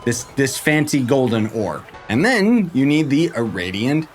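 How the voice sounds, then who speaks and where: A man's voice: medium pitch, sing-song, unhurried, faint music behind. A young man joking his way through a casual gameplay tutorial, rambling and poking fun at himself as he goes. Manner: joking, self-mocking, rambling asides. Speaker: game guide creator. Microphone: desk microphone.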